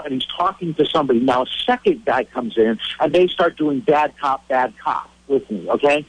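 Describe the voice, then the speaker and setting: A man, a cartoonist guest, telling an animated story over the phone, his voice rising when excited. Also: normal speed, hardly any pauses, slightly rough, rough recording. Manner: animated anecdote teller, pitch climbing when excited.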